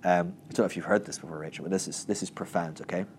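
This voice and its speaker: With a deep voice and rapid-fire delivery, plus a faint hiss or hum, a Christian teacher gives a light, funny Bible lesson. He's jokey and animated, performing quotes in raised voices.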